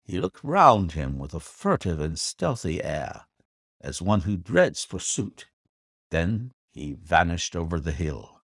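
A man narrating a classic novel as an audiobook, telling the story in a measured, expressive way. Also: deep voice, breathy edge, dry recording, clean studio sound.

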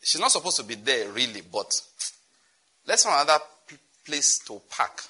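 A man's voice: mid-range voice, normal speed, slightly rough. A middle-aged man with a Nigerian accent preaching a teaching sermon, telling stories, acting out dialogue and laughing along. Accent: Nigerian English. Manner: animated storytelling, laughs and acts out dialogue.

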